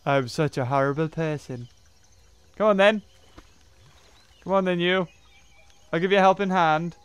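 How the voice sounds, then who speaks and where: A man giving excitable let's play commentary, laughing, yelping and muttering to himself as he plays. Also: fairly high pitch, a little slow, clear, resonant tone. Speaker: gameplay commentator.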